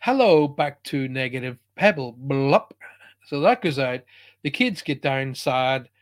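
A man's voice: mid-range voice, animated, unhurried. A middle-aged man giving an emphatic motivational talk as a spiritual speaker, often checking in with listeners.

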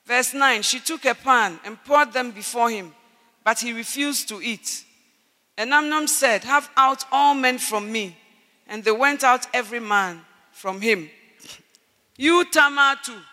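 A male preacher delivering a sermon in a large hall. His voice sits very high and rings bright and piercing. He preaches with emphasis, rising to shouts and calling for Amen, while long reverb trails each phrase.

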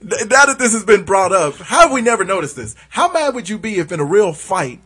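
A man hosting a casual podcast chat with friends, animated and joking, laughing often and swearing freely. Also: sits high, a little fast, husky. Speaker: podcast host.

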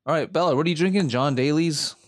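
A man co-hosting a crude comedy podcast, jumping in with quick joking interjections and playful heckling. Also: on the high side, no room sound. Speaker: podcast co-host.

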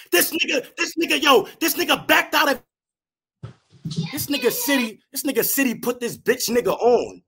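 High, husky young man trash-talking. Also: expressive, normal speed, bright, forceful tone. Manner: taunting, repeats his jabs. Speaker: battle rapper. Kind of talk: heated trash talk.

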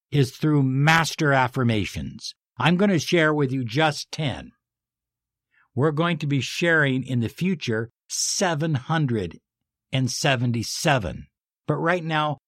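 A man speaking as a life coach in a motivational talk, leading affirmations and shifting from emphatic, pumped-up lines to soft, slow ones. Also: medium pitch, dry recording, studio quality.

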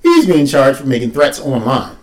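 Animated man telling a story with wry asides. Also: medium pitch, normal speed. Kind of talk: casual storytelling chat.

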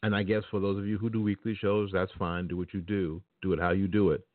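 A podcast talk-show host with a very low voice speaks directly to listeners in a fast, flat, casual monologue full of blunt opinions. The audio sounds tinny, like a phone line, and is dry and close with no room echo.

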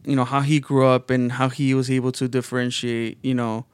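A man chatting on a podcast, halting now and then to find his words. His voice comes across smooth and resonant. The recording is dry and close. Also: medium pitch, level tone, no room sound. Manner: hesitant, halting with fillers. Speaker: podcast co-host. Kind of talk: casual chat.

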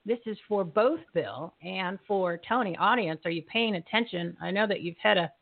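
A woman's voice: mid-range voice, moderate pace, gravelly. A woman hosting a live talk show, enthusiastic and hyping her guests. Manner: enthusiastic, hypes guests, laughs often. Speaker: host. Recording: tinny phone-like line.

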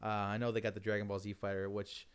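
Man, smooth clear voice, easygoing, hesitant, casual gaming podcast chat. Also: lowish voice, quick pace. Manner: relaxed, hesitant, many fillers and restarts.

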